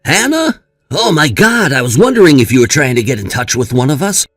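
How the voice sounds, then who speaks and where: A man's voice: on the high side, very animated, brisk, a bit bright, no room sound, soft background music. A man as a caring, sympathetic brother. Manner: sympathetic, reassuring. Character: caring young brother, supportive and indignant.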